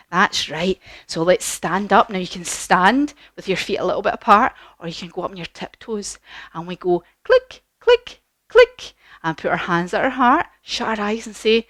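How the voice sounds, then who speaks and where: A woman's voice: medium pitch, a little slow, no echo. Encouraging woman leading a kids' yoga story. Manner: animated, encouraging, sing-song storytelling. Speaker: kids yoga teacher. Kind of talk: storytelling yoga lesson for children.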